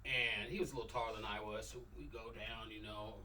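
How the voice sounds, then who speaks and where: A man's voice: on the low side, fairly even intonation, a little fast, bright, forceful tone, slight background noise. A middle-aged man from Los Angeles tells stories casually, acting out quotes from his youth with animation. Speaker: guest. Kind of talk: casual storytelling conversation. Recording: distant mic.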